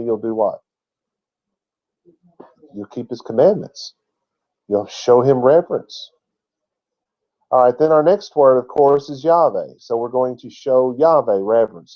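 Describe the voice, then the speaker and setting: A man's voice: medium pitch, lo-fi sound. A man giving an emphatic teaching talk who spells out words letter by letter. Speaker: Bible teacher.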